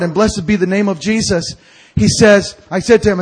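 A man preaching a storytelling sermon as an evangelist, animated and acting out the voices of people in his stories. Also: high-pitched, a little fast, slightly rough. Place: church sanctuary.

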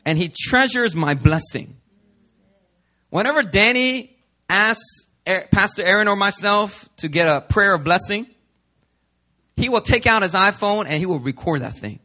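A man's voice: high-pitched, animated, unhurried, sharp tone. A young male pastor giving a sermon in a church, telling stories in a casual, joking way.

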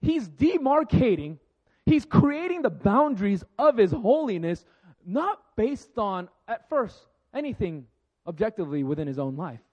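A man's voice: sits high, big pitch swings, measured pace, darkish tone, dull audio. A man preaching a conversational sermon, laughing often and acting out the voices he quotes. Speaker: pastor.

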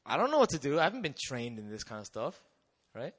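A young man giving a lively testimony talk, telling a mission story with acted-out voices and frequent laughter. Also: medium pitch, fast talker, breathy edge. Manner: animated storyteller, acts out voices, laughs often. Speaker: missionary speaker.

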